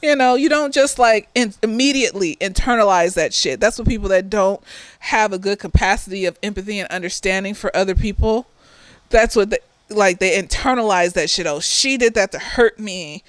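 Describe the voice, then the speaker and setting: A woman's voice: mid-range voice, a little fast, dry recording. Blunt, profane woman, slightly tipsy. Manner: animated, with mocking asides. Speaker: therapist reviewing a TV series. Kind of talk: casual tipsy review.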